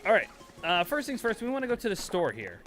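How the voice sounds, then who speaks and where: A man's voice: high voice, huge pitch swings, fast, fairly bright tone, faint music behind. A man streaming a game, giving casual gameplay commentary in a chatty, rambling way and talking to his chat.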